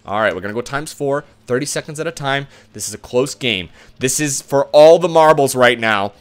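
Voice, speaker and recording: A young man commentating his own video game play-by-play, swinging from hushed tension to loud cheering. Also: a little high, expressive, moderate pace, faint music behind. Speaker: gaming commentator.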